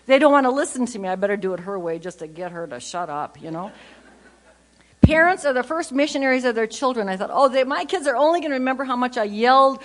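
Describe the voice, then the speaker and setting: An older woman giving a humorous faith talk at a conference, an animated storyteller who jumps between loud bursts and low asides. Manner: animated storyteller, quick jokes, voices her kids and others. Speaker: conference speaker.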